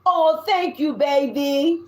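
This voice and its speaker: A woman in her fifties with a Southern US accent, giving a tarot reading in loud, blunt, casual talk and swearing freely. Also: sits high, slow pace. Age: 50s. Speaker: tarot reader. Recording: echoey room.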